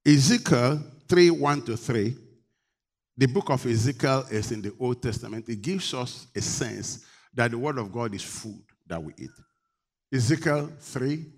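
A middle-aged man from Nigeria preaching a sermon as pastor, animated and joking, teasing his congregation. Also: medium pitch, husky.

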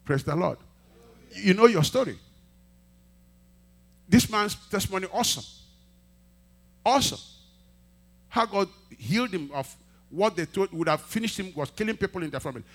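A male pastor preaching a sermon, telling a testimony and acting out the dialogue, swinging from quiet asides to loud emphatic peaks. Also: high-pitched, expressive, normal speed, pauses often. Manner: acts out quoted dialogue in storytelling.

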